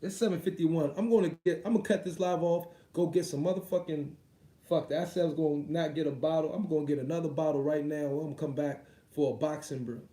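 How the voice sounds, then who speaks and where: A man's voice: a little high, fairly even intonation, fast talker, warm tone. A man hosting a boxing livestream, ranting casually in a profane, rambling way full of repeats. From United States. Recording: roomy echo.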